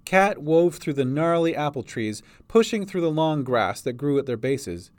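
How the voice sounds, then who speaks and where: A man's voice: a little high, animated, normal speed, a little mellow, dry recording. A man reading a fantasy story aloud as narrator. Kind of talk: audiobook narration.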